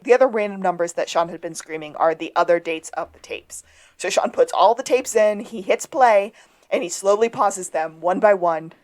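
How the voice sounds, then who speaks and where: A woman's voice: on the low side, a little mellow. Woman casually recapping a TV episode. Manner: retells scenes, acting out quoted lines. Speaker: podcast co-host.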